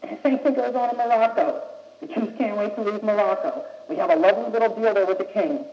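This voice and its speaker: A man's voice: high voice, quick pace, darkish tone. Young man, blunt impassioned speech, streetwise, faint hiss, roomy echo. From United States. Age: young adult. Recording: old muffled recording in an echoey room.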